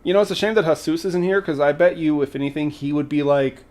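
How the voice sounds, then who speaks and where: A man hosting a livestream, retelling a folk tale in a casual way with animated, exasperated banter aimed at the chat. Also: on the high side, fast, hardly any pauses. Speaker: host.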